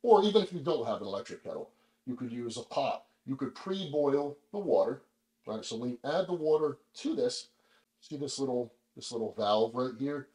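A man hosting a casual video, explaining things in a relaxed, chatty way with lots of fillers, speaking in a kitchen. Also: medium pitch, normal speed, roomy sound, poor audio. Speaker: vlog host. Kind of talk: casual demonstration.

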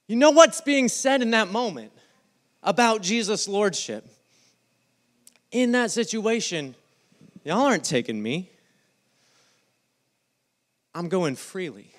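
Animated preacher man. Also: high-pitched. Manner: animated storytelling, acting out the scene in quoted voices. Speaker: pastor. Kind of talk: sermon.

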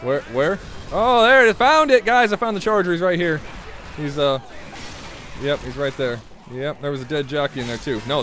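A man's voice: fairly high pitch, fairly bright tone. A young man giving casual, rambling commentary over his own gameplay, joking and talking to himself as he plays. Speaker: gaming YouTuber.

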